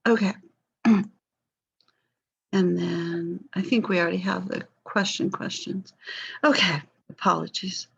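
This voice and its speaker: A woman's voice: fairly low pitch, steady tone, measured pace, vocal fry, pauses often, a bit bright, husky. A woman teaching a history class online, casual and apologetic, with many fillers. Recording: slightly dull lo-fi call audio.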